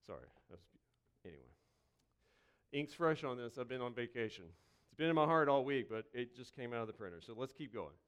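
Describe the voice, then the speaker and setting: A male pastor preaching a conversational sermon, moving between joking asides and slow, quiet reflection, repeating key phrases slowly for emphasis. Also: medium pitch, lively intonation, clean tone.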